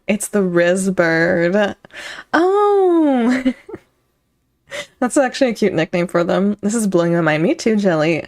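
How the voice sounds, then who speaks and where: A woman streamer reacting to a video, playful and giggly, thanking her chat by name. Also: mid-range voice. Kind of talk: casual live-stream commentary.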